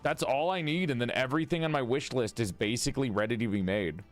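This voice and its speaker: A man streaming a video game in casual chat, excitable and gushing, sounding a little sleepy. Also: fast, soft background music. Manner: excitable, gushing, swings into high squeals. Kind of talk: casual gaming livestream chat.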